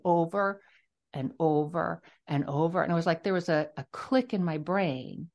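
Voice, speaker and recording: A woman's voice: on the low side, normal speed, a little mellow, highs cut off. A middle-aged woman, a podcast guest, telling a personal faith story in an earnest, reflective way, often restarting her sentences. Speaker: guest author sharing her testimony. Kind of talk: personal testimony in a podcast interview.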